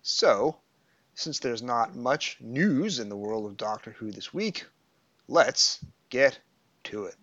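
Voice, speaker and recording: A man's voice: mid-range voice, animated, slow, a bit bright, muffled recording, a little hiss or hum. A man with a New York accent hosting a podcast in an enthusiastic, self-deprecating way. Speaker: podcast host. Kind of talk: podcast chat.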